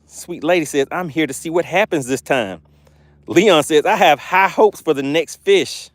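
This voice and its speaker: Casting note: upbeat male fishing host, slightly higher voice, chatty and laughing, live from a boat, dry close mic. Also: moderate pace, dry recording. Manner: chatty, reads viewer comments aloud, laughs often. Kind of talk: live stream chat from a boat.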